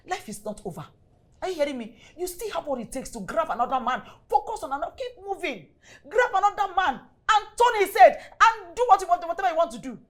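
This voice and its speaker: An actress with a Nigerian English accent playing a brash, scheming middle-aged mother who lectures her daughter loudly and bossily. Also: high voice. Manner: loud, bossy, scolding lecture. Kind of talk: Nollywood film acting.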